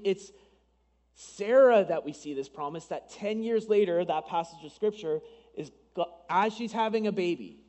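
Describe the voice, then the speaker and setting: A married man preaching a sermon as pastor, talking conversationally, with asides to the congregation and lively acted-out quotes. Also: sits high, big-room sound. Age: adult, married.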